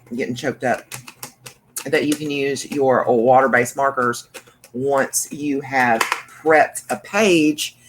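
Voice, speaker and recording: A woman's voice: a bass voice, slight background noise. A woman hosting a craft channel, chatting through a coloring demonstration in a rambling way with many fillers.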